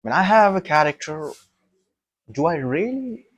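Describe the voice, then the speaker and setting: A man's voice: a little high, big pitch swings, unhurried, no room sound. A young man vlogging to his camera, thinking aloud in an emphatic, rambling way, repeating himself and swearing.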